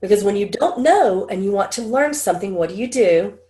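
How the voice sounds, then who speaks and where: A middle-aged woman speaking as an interview guest, telling stories animatedly and acting out quoted people in a higher voice. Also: lively intonation, fairly quick, mellow. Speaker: interview guest, channel and medical intuitive. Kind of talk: casual interview talk.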